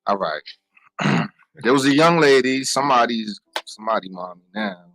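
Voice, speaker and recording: Casting: lively man, bright tone, storyteller who does voices for his friends. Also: medium pitch, normal speed, no echo, soft background music, low-quality recording. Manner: animated, acts out friends' lines in a raised voice. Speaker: guest. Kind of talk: casual storytelling on radio. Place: radio studio.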